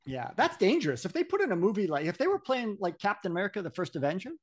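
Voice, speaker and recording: A man's voice: sits high, sing-song, fast. A man co-hosting a podcast in casual chat, jokey and agreeable. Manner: jokey, agreeable, lots of yeahs. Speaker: podcast co-host.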